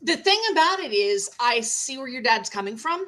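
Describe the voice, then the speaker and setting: A woman in her forties speaks up in a casual chat. Her voice is bright and sharp, with a lively, varied pitch that sits a little high. She talks in a calm, measured way. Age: 40s.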